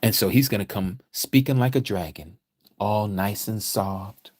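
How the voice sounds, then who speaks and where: Man, scripture teacher, emphatic preaching, swings quiet to loud, dry room. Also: fairly low pitch, a little slow, no echo. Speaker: Bible study teacher. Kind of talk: livestreamed scripture lecture.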